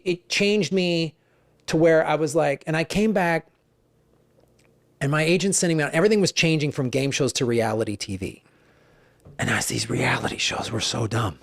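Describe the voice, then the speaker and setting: Animated, profane middle-aged male storyteller. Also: fairly high pitch, moderate pace, gravelly, pauses often, no echo, studio quality. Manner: animated, profane, acts out quoted dialogue. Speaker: guest comedian. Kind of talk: conversational storytelling.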